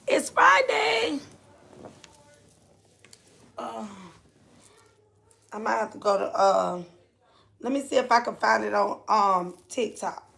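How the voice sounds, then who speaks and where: A woman's voice: mid-range voice, slow, creaky, long pauses, fairly bright tone. A woman hosting a casual livestream, chatting with viewers, laughing often and calling them honey and baby. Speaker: livestream host.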